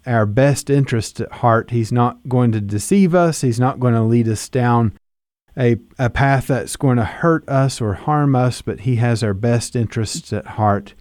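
Earnest guy hosting a faith radio show, warm low-key tone, dry studio sound. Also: measured pace, no echo. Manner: earnest, reflective, uses scripture. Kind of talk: Christian radio interview.

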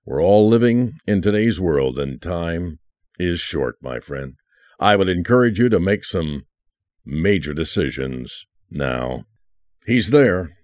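An older male pastor telling his conversion story in an earnest, emotional way, often dropping to a hushed voice. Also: deep voice, no echo, studio quality. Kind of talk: testimony sermon.

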